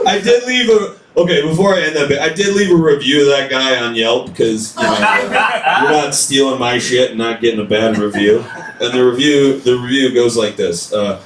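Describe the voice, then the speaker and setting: A man's voice: mid-range voice, animated, moderate pace, a little hiss or hum. A man in his late twenties doing a loose, rambling stand-up set with crowd work in a basement comedy room. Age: late 20s. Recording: roomy live recording from a distance.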